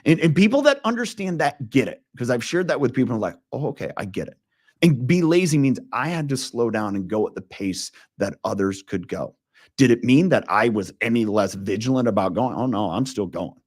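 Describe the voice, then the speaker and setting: A man's voice: medium pitch, lively intonation, a little fast, a little mellow, dry recording, clean studio sound. A man in his forties, a leadership coach, talking earnestly and intensely in a casual interview, telling stories with frequent restarts.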